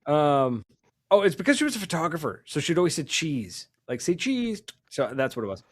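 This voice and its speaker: Speaking fairly quickly in a fairly high voice, this man hosts a podcast full of casual storytelling. He laughs a lot and plays the characters as he describes them.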